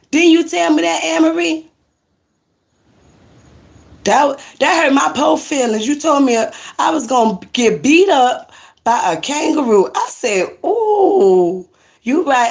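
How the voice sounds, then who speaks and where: A woman's voice: high-pitched, gravelly. A woman chatting casually on a live stream from her apartment, teasing viewers and answering their comments aloud.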